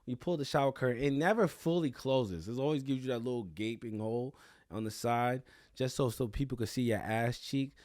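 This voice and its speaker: Young male host, mid-pitch, animated comic storyteller, profane and boastful, dry close mic. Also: fairly quick, no echo. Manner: animated, profane, crude bragging humor. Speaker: podcast host. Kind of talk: comedic storytelling.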